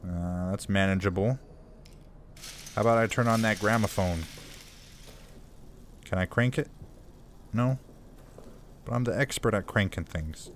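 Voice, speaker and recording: A man's voice: fairly low pitch, a little slow, long pauses, a little hiss or hum. A man giving casual, playful let's-play commentary, thinking aloud as he plays a game. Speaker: gaming video creator.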